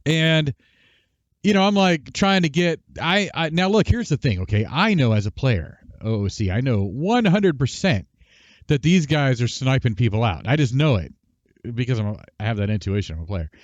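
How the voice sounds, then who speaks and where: A man hosting a gaming livestream, telling a long rambling story with restarts and asides, and speaking quietly at times. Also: medium pitch, big pitch swings, moderate pace, dry recording, dull audio. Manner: talks quietly at times for housemates. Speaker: streamer and show host. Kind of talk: casual livestream chat.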